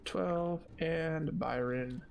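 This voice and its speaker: A man running a tabletop game as game master, speaking haltingly with many fillers and restarts. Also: on the high side, gravelly, slight background noise.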